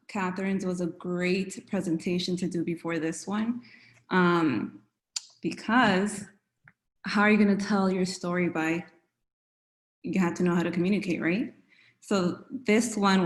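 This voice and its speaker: Woman presenter, slightly breathless, lowish voice, friendly and chatty, from New York. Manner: friendly, conversational, uses filler words. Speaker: realtor and presenter. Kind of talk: webinar presentation.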